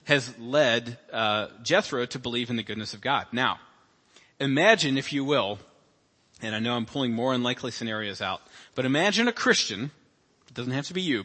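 Man, pastor, conversational sermon, bright forceful tone, long church reverb. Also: medium pitch, breathy edge. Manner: conversational preaching with asides and acted quotes. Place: church sanctuary.

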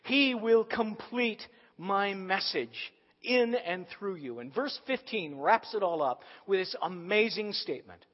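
Middle-aged man, pastor, sermon, storytelling, soft asides to emphatic lines, dull sound, long hall reverb. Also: sits high, lively intonation, a little slow.

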